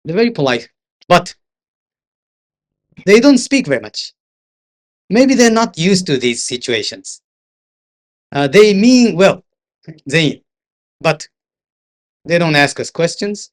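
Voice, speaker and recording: Very animated yet slow and full of pauses, his voice sits a little high. The older man, an interpreter with a Japanese accent, gives a seminar talk of anecdotes, now and then switching into Japanese asides.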